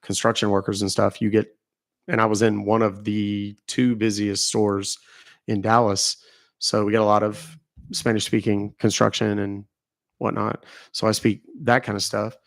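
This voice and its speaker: Gravelly man chatting on a livestream. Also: lowish voice, little pitch movement, moderate pace, dry recording. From Texas. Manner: rambling, chatty, answering viewer comments. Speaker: livestream host. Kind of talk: casual livestream chat.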